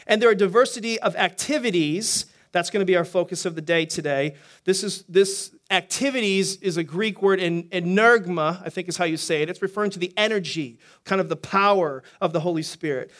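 A man preaching as a pastor, teaching quickly and energetically and throwing questions to the congregation. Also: high voice. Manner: energetic, talks fast, asks the congregation questions. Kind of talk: sermon teaching.

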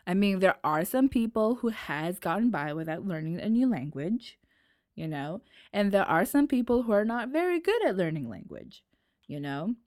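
A chatty American woman co-hosting a casual talk show, her voice lively and swinging through a wide pitch range. The sound is close and dry, with no room echo. She talks in quick, easy conversational runs. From United States. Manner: chatty, animated, playfully imitates accents. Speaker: podcast co-host.

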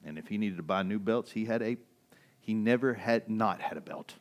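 A male pastor delivers his sermon at a moderate pace in a relaxed, chatty way. He laughs frequently and swings from energetic, loud moments down to soft, low ones.

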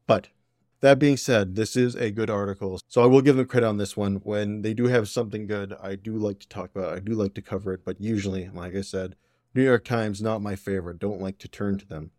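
A man hosting a political commentary podcast, opinionated and sarcastic with quick asides. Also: lowish voice, steady tone, darkish tone, dry recording, studio quality. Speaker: podcast host.

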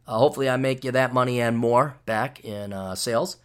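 A man's voice: medium pitch, fairly quick, smooth. A man from the United States hosting his own podcast in a rambling, sarcastic, mock-ranting monologue. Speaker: podcast host.

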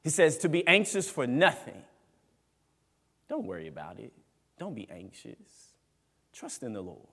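Male pastor, sermon, emphatic swings of loudness, long church-hall reverb. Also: mid-range voice, huge pitch swings, unhurried, vocal fry, long pauses. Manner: emphatic preaching with dramatic rises and drops. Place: church sanctuary.

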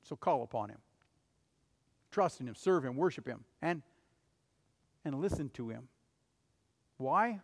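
A man preaching a sermon in an earnest way, rising to urgent appeals and falling to soft, low passages. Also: expressive, unhurried, long pauses, big-room sound. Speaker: pastor.

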